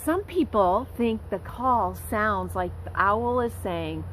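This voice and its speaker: Slow, expressive woman teaching children. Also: mid-range voice, heavy background noise. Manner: slow, expressive, speaking directly to young listeners. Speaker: park nature educator. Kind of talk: educational lesson for children.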